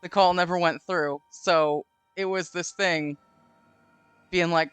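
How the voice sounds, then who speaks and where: A woman's voice: lowish voice, steady tone, slow, smooth, dry recording, faint music behind. A woman streamer reading a horror story aloud and chatting, giggly and casual. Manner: giggly, reads aloud with quoted voices.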